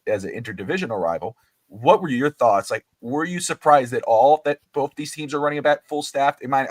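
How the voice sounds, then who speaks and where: A man hosting a casual sports talk show, animated and opinionated, with many fillers and restarts. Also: medium pitch, no room sound. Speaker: podcast host. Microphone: livestream mic.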